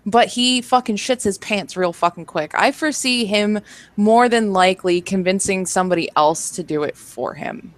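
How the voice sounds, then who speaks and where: A woman in casual group voice chat who talks blunt and quick and swears heavily. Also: medium pitch, dry recording. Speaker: livestream guest.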